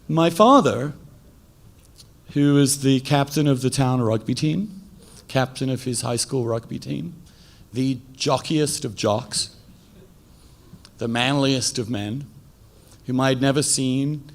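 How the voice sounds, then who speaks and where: A middle-aged man with an English accent, telling a personal story in a debate and acting out the voices he quotes. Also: medium pitch. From England. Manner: animated, acts out quotes with a lifted voice.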